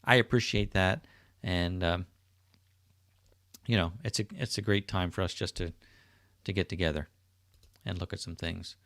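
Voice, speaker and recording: Gravelly, chatty man hosting a livestream. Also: sits low, steady tone, normal speed, long pauses, fairly bright tone, no echo, clean studio sound. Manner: chatty, reads out viewer comments. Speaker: livestream host. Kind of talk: casual livestream chat. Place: home, indoors. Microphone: webcam setup.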